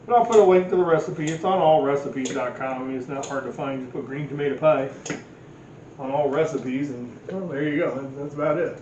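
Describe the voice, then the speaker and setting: A man's voice: fairly high pitch, brisk, noisy background. A man hosting a casual cooking vlog from his home kitchen, rambling and joking at his own expense. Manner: rambling, jokey, self-deprecating. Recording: echoey, slightly dull home recording.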